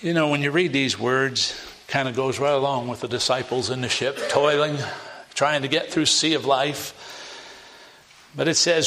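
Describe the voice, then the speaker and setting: A man preaching a sermon in a folksy, emphatic way, his voice jumping high on key words. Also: moderate pace, a bit bright. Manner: folksy, uses many fillers and asides.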